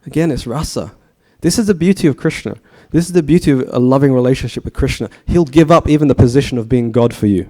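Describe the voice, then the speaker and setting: A man's voice: medium pitch, quick pace, few pauses, darkish tone. A man in his thirties giving a storytelling sermon, chatty and asking his listeners questions. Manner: chatty, asks the audience questions. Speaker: speaker giving a temple talk.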